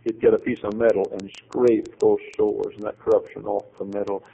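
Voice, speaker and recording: A man preaching a sermon, telling a story with acted dialogue and swings to loud, high emphatic climaxes. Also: little pitch movement, a little fast, gravelly, muffled recording, a little hiss or hum.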